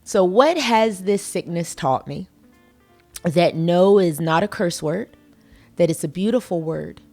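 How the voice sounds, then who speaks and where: Woman, podcast host, emphatic and playful, unhurried delivery. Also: on the low side, lively intonation, a little mellow, soft background music. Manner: emphatic, playful, acts out dialogue. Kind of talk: casual solo podcast talk.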